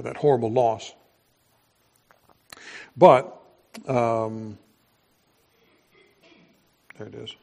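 A male pastor with a medium-pitched voice preaches in an unhurried, conversational way. His sermon is full of fillers and restarts.

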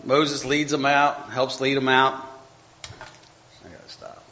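Bright-voiced man rambling through a Bible study. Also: medium pitch, fairly even intonation, takes it slowly. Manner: rambling, self-correcting, stumbles over names. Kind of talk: informal Bible study talk. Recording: dull lo-fi recording.

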